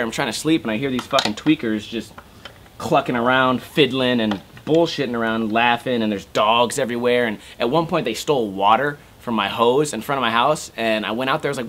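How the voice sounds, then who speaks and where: A young man vlogging casually from home, rambling and swearing a lot as he tells stories. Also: mid-range voice. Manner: swears constantly, rambling and animated. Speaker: skateboarding vlogger. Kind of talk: casual chat. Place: home room.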